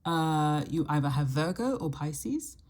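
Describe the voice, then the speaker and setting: A woman hosting her astrology channel, talking casually to camera and thinking aloud in a reflective way, with the odd soft laugh. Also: low voice, lively intonation, measured pace. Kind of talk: casual solo talk to camera.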